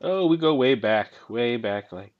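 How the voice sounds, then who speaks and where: Deadpan player on a dull mic. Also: male voice, mid-range voice, unhurried. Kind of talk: joking table chat.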